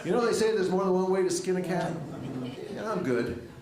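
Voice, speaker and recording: A middle-aged male stand-up comedian on stage at a comedy club, delivering jokes with a dry, wry deadpan through a handheld mic. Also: fairly quick, very noisy. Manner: dry, wry deadpan with lively jumps in pitch. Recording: echoey club room with audience laughter.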